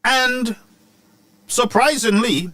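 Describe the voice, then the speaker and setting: A man, hosting a news commentary show, ranting about politics with rhetorical questions and sharp asides. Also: extremely high pitch, very slow, dry recording.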